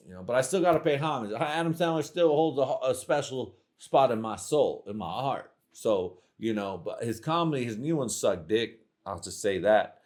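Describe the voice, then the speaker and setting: Man, comedian, casual joke workshopping, rambling, profane, medium pitch. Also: darkish tone. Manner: rambling, profane, laid-back. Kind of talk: workshopping stand-up jokes.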